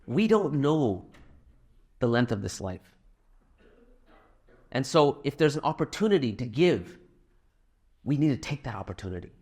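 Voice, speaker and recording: A man's voice: mid-range voice, big pitch swings, unhurried, long pauses, a little mellow, husky. A middle-aged man addresses a live audience in a hall, with a mid-range voice. He speaks conversationally, mixing personal anecdotes and light laughs into a fundraising appeal. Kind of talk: live religious talk and donation appeal.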